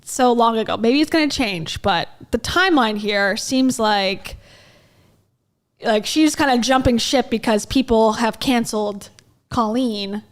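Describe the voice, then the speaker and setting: A woman with a fairly high voice talks casually over a clip she is reacting to. She sounds skeptical and breaks in with chatty asides. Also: measured pace. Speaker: commentary host.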